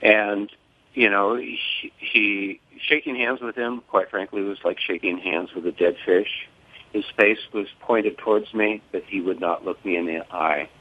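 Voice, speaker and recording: An older man speaking in a measured, formal way as a guest on a phone interview. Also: on the low side, fairly even intonation, dry recording. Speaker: guest, father of a fallen soldier. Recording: tinny phone line.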